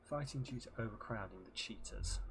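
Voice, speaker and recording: A man streaming a game in casual chat, animated and profane, often muttering to himself. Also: fairly low pitch, a little fast, music in the background.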